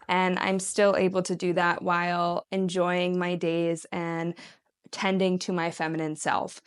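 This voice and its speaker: Woman coach talking to camera, earnest and encouraging, middle pitch. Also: clear, resonant tone. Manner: earnest, encouraging, breaks into bright mock-cheery voices for quoted lines. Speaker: self-help coach. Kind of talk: casual talk to camera.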